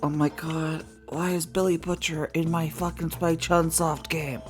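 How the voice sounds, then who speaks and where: A woman hosting a let's play, giving casual, profane, excitable commentary and mimicking characters. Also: low voice, a little slow, soft background music.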